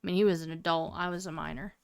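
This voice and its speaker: A woman's voice: fairly low pitch, steady tone, very fast, a little mellow, clear, resonant tone, dry recording, studio quality. A woman in her twenties co-hosting a podcast, telling a story casually with lots of swearing and fillers. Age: 20s. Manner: profane, meandering storyteller with many fillers. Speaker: podcast co-host.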